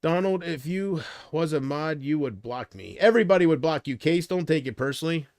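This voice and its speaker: A man's voice: a little high, expressive, fairly quick, a little mellow, no room sound, studio quality. A man hosting a livestream, ranting casually and profanely to his chat, addressing viewers by name and rambling in restarts. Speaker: livestream host.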